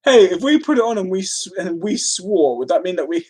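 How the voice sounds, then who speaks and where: A woman's voice: lowish voice, expressive, brisk, mellow, husky. An Irish woman chatting casually on a live stream, giggling and breaking into frequent fits of laughter.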